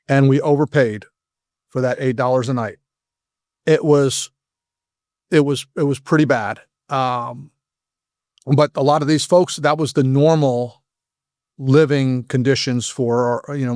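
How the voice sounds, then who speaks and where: A mid-range male voice comes from an ex-FBI agent who is a guest on a podcast, sharing blunt anecdotes. His speech is halting, full of restarts, and the studio sound is clean without echo.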